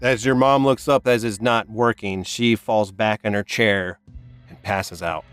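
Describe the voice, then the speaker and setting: A man narrates a tabletop game as dungeon master with a lowish voice. He talks in halting runs, restarting phrases and leaning on filler words, recorded close and dry. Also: fairly even intonation, fairly bright tone, clean tone, no echo, faint music behind.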